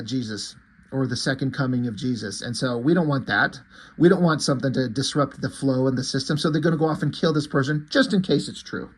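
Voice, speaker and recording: Husky-voiced man enthusing over a comic. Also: a little high. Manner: enthusiastic, sweary, thinking aloud. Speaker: comic book reviewer. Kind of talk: casual reading and commentary.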